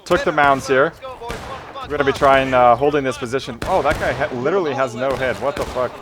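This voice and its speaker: A man's voice: medium pitch, a little fast. A man live-streaming a game, chatting with viewers and calling orders to teammates. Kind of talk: casual live gameplay commentary.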